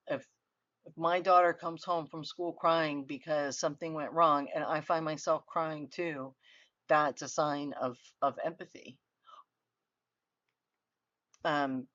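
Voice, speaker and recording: A middle-aged woman lectures in an earnest, conversational manner, often pausing on fillers and restarting her sentences. The recording is dry and a little muffled, with no room sound. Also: low voice, a bit bright, dry recording. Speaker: university lecturer.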